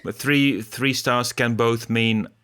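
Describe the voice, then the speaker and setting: A man hosting a podcast, talking in a measured, hesitant way with many ums. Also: mid-range voice, steady tone, fairly bright tone, smooth. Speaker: podcast host. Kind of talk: casual chat.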